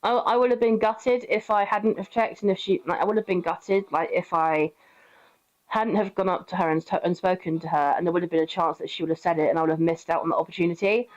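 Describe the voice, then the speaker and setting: A woman's voice: on the low side, steady tone, fast, dull audio. Chatty sweary British young woman. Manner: chatty, sweary, laughs often, coos at her pet. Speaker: streamer. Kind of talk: casual gameplay commentary.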